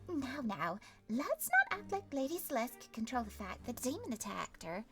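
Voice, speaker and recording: A woman voicing a kind, calm noble duchess in a game, with a deliberately put-on accent. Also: high-pitched, music in the background, heavily acted. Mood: calm, reassuring.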